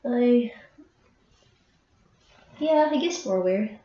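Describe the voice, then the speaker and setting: A woman musician in a halting, reflective personal monologue, emotional and full of pauses and fillers. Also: a little high, animated, warm tone. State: emotional, near tears at times. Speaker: harpist and channel host. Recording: roomy, distant, dull recording.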